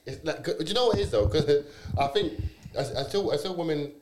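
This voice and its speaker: A young man in casual podcast chat, using slang and lots of quick agreeing fillers. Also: a little high, expressive, roomy sound, noisy background.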